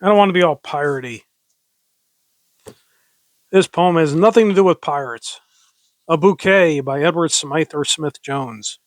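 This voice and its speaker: A man's voice: fairly high pitch, no echo. Chatty man reading old poems aloud. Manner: rambling, self-directing, chatty between poems; slow, dramatic recitation with mock pirate growls. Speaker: poetry reader. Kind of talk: casual poetry reading with asides.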